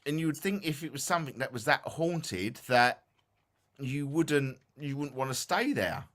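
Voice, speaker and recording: A man's voice: mid-range voice, normal speed, a bit bright. A man with an Essex accent, co-hosting a ghost-hunting talk show, chatting casually, yawning and tired, stumbling as he reads notes aloud. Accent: Essex English. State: sleepy, yawning. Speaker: podcast co-host.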